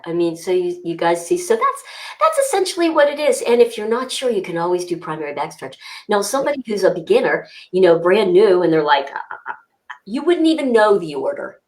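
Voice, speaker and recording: A woman's voice: medium pitch, big pitch swings, brisk. A woman co-hosting a casual fitness livestream, upbeat and greeting viewers by name.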